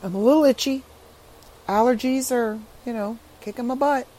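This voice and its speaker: A woman's voice: a little high, normal speed, dark tone, poor audio. Congested middle-aged woman rambling. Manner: chatty, rambling, frank. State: congested, rough-voiced from allergies. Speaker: podcaster. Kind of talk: casual solo chat.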